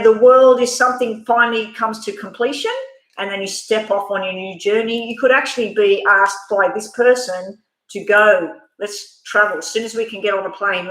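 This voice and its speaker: A woman's voice: medium pitch, a bit bright, echoey room, rough recording. A middle-aged Australian woman giving a rambling, frank tarot reading on a live stream. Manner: chatty, rambling, frank with mild swearing. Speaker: tarot reader.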